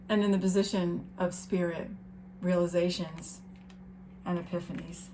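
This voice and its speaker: A woman giving an encouraging spiritual card reading to her viewers, gentle and sometimes emotional. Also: on the low side, fairly even intonation, a little slow, long pauses, noisy background. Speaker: tarot reader.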